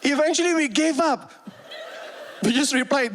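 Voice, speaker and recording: A man in his thirties with a Malaysian English accent, performing stand-up comedy on stage, animated and mimicking voices. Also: high-pitched, normal speed, slight background noise. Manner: animated, mimics voices, sings snatches of rhymes. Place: on stage before a live audience.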